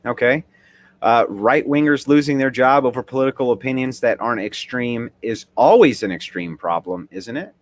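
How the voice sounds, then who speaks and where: A man's voice: medium pitch, normal speed. A man hosting a livestream debate, brash and crude. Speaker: debate host.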